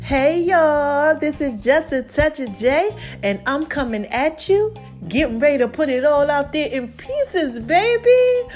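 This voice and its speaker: Brief: high-voiced woman host, chatty monologue, faint music under. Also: lively intonation. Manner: chatty, drawn-out, affectionate asides. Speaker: podcast host. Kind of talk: casual podcast monologue.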